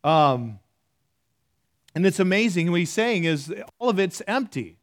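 A man's voice: high voice, sing-song, measured pace. A man preaching a conversational sermon, reading scripture aloud between loose, filler-heavy asides. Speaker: pastor.

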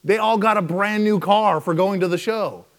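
A man's voice: sits high, moderate pace. A male pastor preaching a sermon, telling stories animatedly and acting out the people in them. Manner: storytelling, animated with impressions.

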